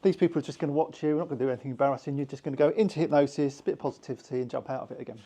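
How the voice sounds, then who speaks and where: This British man teaches hypnosis to a small group in a chatty, informal style, acting out little voices in his examples. His medium-pitched voice moves very fast over background noise.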